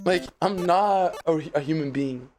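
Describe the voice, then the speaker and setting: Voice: mid-range voice, unhurried, darkish tone. A streamer from Brazil, a Portuguese speaker, chatting casually and rambling with many fillers and swears. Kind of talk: casual live-stream chat. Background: music playing.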